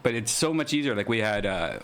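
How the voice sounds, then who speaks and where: Laid-back man with a lowish voice. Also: a little fast, slight background noise. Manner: relaxed, filler-heavy storytelling. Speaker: podcast guest. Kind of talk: casual chat. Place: podcast studio.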